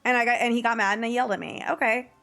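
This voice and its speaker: A woman's voice: on the high side, steady tone, very fast, sharp tone, soft background music. A young woman from the New area, chatting casually to her stream viewers, swearing freely and laughing often. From New York / New Jersey area. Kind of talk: casual chat to viewers while gaming.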